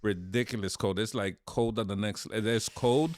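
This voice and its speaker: A man's voice: fairly low pitch, fairly even intonation, moderate pace, darkish tone. A man co-hosting a podcast in casual chat, speaking in a laid-back, hesitant way with lots of ums. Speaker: podcast co-host.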